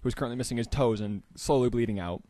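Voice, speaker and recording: A man's voice: medium pitch, fast, warm tone, dry recording. A man from Indiana co-hosting a podcast, telling an improvised story in a rambling, hesitant way with lots of fillers. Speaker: podcast co-host.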